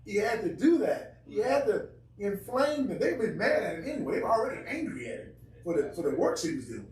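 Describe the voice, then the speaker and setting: A man's voice: high-pitched, big pitch swings, fairly quick, a little mellow. A man speaking earnestly and emphatically in a Bible study class discussion. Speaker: class member. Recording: echoey room, far from mic, faint noise.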